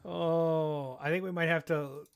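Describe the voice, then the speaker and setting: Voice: medium pitch, steady tone, unhurried, creaky, slight background noise. A podcast co-host in casual live-stream banter, laughing often and reacting to the quiz clips.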